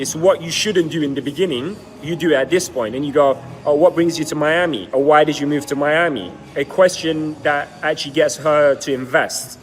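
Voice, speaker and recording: A man's voice: on the high side, a little hiss or hum. A man coaching on dating, explaining approach mistakes and acting out sample pickup lines. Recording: long reverb with faint music.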